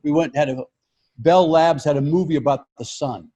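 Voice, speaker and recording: An older man swaps stories in a loose comedians' chat. His voice sits a little high, and he jumps from halting restarts into lively acted-out quotes. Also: slightly rough. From Colorado. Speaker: guest comedian. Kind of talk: casual chat.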